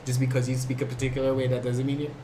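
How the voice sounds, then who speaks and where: A man's voice: medium pitch, very fast. Young man telling stories over background noise. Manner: animated storyteller, pushes back in debate. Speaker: podcast guest. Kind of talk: casual chat.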